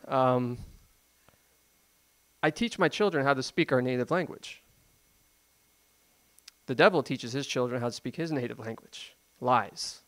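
A pastor preaching a sermon in a conversational, emphatic way, full of rhetorical questions. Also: male voice, mid-range voice, unhurried, long pauses, a bit bright.

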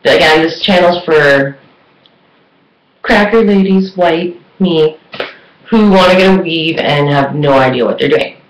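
A woman's voice: low voice, measured pace. A woman chatting casually in a beauty vlog, rambling with lots of fillers. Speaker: beauty vlogger. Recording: echoey room.

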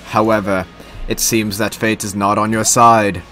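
A man's voice: fairly low pitch, little pitch movement, unhurried, music in the background, lightly acted. A man reads a stately woman guide addressing a hero in a video game. The lines come out formal and proclaiming, in a fairly plain voice.

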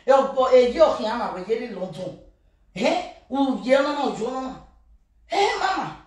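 Echoey, animated Nigerian woman gossiping. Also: fairly high pitch, measured pace. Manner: mimics people, laughs and shouts. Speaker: gossip commentator. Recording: very echoey room, voice far from mic.

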